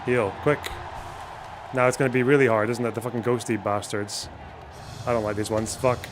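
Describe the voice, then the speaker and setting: A man's voice: mid-range voice, fairly even intonation, normal speed, noisy background. A young man streaming a game live, reacting with constant swearing and panicky running remarks. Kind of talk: live gameplay commentary.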